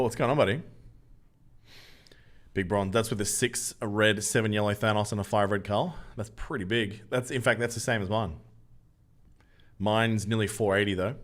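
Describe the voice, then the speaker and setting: A man's voice: fairly low pitch, fairly even intonation, normal speed, long pauses, a bit bright. A young Australian man streaming a mobile game, joking loosely with viewers and answering the chat as he plays. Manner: jokey, loose banter, reads out chat and answers.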